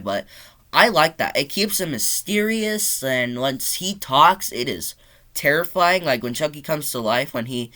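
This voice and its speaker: A young man excitedly reviewing a horror movie from his bedroom, rambling, swearing often and filling his talk with "like". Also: a little high, normal speed. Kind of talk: casual review monologue.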